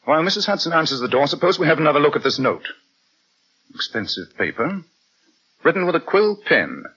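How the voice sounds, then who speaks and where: An actor playing a cool, sharp-witted gentleman detective who speaks in a dry, precise, unruffled manner, in a radio drama. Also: on the high side, sing-song, fairly quick, slightly rough, exaggerated voice. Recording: dull lo-fi radio recording.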